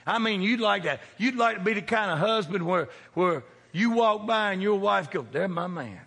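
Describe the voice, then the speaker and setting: A man in his fifties preaching a sermon, joking and throwing call-and-response questions at the congregation, swinging from loud to hushed. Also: high-pitched, moderate pace, vocal fry, slightly rough. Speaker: pastor. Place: large church sanctuary. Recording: long hall reverb.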